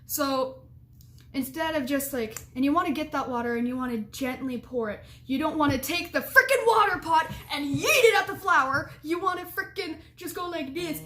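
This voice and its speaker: A woman's voice: sits high, moderate pace, fairly bright tone. A young adult woman giving casual advice to camera, chatty and rambling with lots of fillers and giggles.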